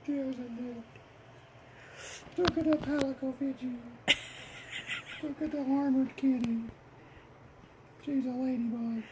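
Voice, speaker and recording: A woman's voice: sits high, steady tone, a little slow, pauses often. A woman at home talking to her cat while dressing it up, coaxing and teasing in a playful baby-talk way. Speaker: pet owner filming her cat. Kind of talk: casual chat to a pet. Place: home, indoors. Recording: home video with noticeable background noise.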